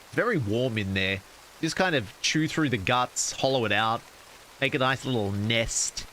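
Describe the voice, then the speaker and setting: A man's voice: medium pitch, lively intonation, normal speed, pushed and bright, slight background noise, rough recording. A man voicing a male rat that nests in dead bodies, talking matter-of-factly. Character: male rat nesting in a corpse.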